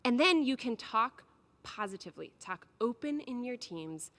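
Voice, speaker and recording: Woman cofounder talking to a crowd in a big old hall, bright voice, chatty, does little voices for quotes. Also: on the high side, moderate pace. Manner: lively, conversational, acts out quoted voices. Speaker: startup co-founder speaker. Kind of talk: conference talk. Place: large historic hall.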